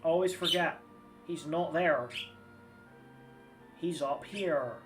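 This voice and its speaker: A man in his twenties chats his way through a game stream, rambling and swearing casually. His voice sits a little high. The mic is a little distant and game music plays softly behind him. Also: slow. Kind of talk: casual gameplay commentary.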